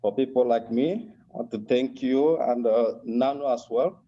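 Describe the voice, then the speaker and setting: A man from Nigeria with a Nigerian accent, speaking softly and hesitantly as a caller on a group call. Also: mid-range voice, normal speed. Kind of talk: call-in conversation. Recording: dull lo-fi call audio.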